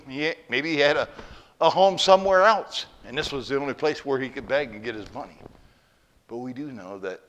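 A man preaching a sermon and telling a story, moving between hushed, quiet lines and loud, emphatic ones. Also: mid-range voice. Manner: animated, swings from hushed to loud. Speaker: pastor.

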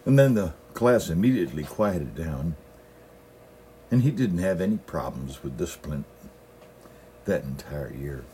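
A man's voice: extremely low pitch, animated, a little slow, pauses often, mellow, a little hiss or hum. A middle-aged male pastor giving a sermon in a folksy storytelling manner, often opening his sentences with "well".

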